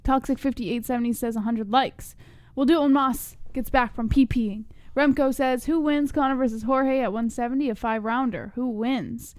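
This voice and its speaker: A woman's voice: fairly high pitch, steady tone, normal speed, darkish tone, clean tone, no room sound. A woman co-hosting a casual live stream, chatting and reading viewer comments aloud. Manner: casual, reads chat aloud. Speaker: co-host.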